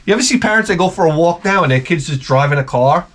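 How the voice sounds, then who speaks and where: Brief: middle-aged male vlogger, foul-mouthed and rambling, animated pitch, slightly high voice. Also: fast, few pauses. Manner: profane, rambling, slips into mock voices for jokes. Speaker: vlogger opening packages. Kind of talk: crude comedic rambling vlog.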